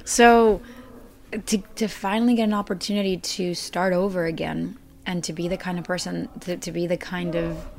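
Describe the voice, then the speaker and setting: A woman's voice: lowish voice, little pitch movement, moderate pace, vocal fry, slight background noise. A woman interviewed on a film set, chatting casually, giggly and hesitant with many restarts.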